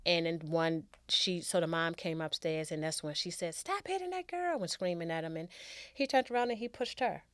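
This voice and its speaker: A woman with a lowish voice talks through her own story as an interview guest. She speaks haltingly, often breaking off and starting again, and leans on repetition to drive her points home. The sound is dry and close, with no room echo. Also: fairly even intonation, smooth. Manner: halting, with restarts and emphatic repetition. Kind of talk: personal storytelling in conversation.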